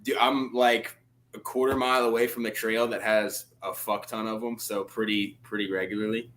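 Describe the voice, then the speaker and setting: A man's voice: fairly low pitch, little pitch movement, moderate pace, fairly bright tone, a little hiss or hum. A young man from Louisiana, a guest on a video call, talking in a laid-back, easygoing way. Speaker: guest fighter. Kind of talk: casual interview chat.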